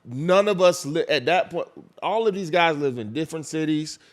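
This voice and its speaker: A man, a record label executive, talking in a casual interview, animated and restarting his phrases often. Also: a little high, moderate pace.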